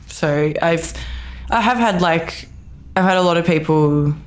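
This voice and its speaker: A woman co-hosting a podcast in casual chat, relaxed and giggly, using lots of fillers. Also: lowish voice, a little slow. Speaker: model and podcast co-host.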